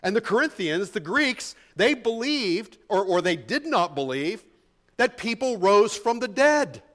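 High-voiced man preaching a conversational sermon. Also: sing-song, a little slow, fairly bright tone. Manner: conversational and emphatic, with rhetorical questions. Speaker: pastor. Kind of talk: expository sermon.

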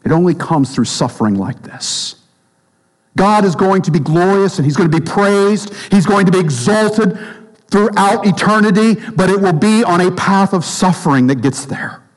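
A man preaching a sermon as pastor, emphatic, repeating phrases and dropping low and slow for stress. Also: big-room sound, low-quality recording.

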